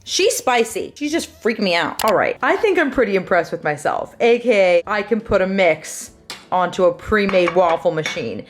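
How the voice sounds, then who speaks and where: A woman's voice: mid-range voice, animated, normal speed. A young woman in her twenties chatting through a cooking vlog in her home kitchen, bubbly and self-deprecating. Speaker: lifestyle vlogger. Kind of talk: casual cooking vlog chat.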